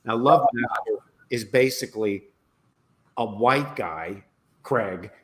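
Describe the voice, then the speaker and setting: A man hosting a casual comedy interview on a video call, relaxed and encouraging. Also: lowish voice, takes it slowly, poor audio. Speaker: host.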